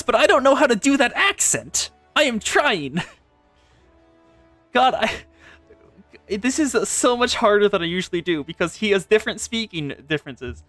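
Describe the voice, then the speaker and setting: A man's voice: sits high, sing-song, normal speed, a bit bright, dry recording, faint music behind. A man streaming a video game live, chatting in a casual, self-mocking way and stumbling over his words. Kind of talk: live gameplay stream commentary.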